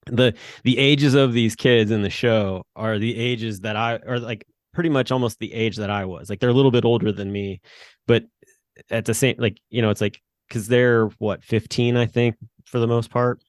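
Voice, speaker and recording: A man's voice: medium pitch, steady tone, normal speed, no echo. Man, thirties, podcast co-host, casual rambling chat, dry close sound. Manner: rambling, many fillers and restarts, laughs often.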